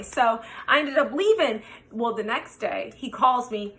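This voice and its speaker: A woman telling a personal story to her camera, candid and animated. Her voice sits high and has a bright, forceful edge. She talks casually and swears freely. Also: unhurried.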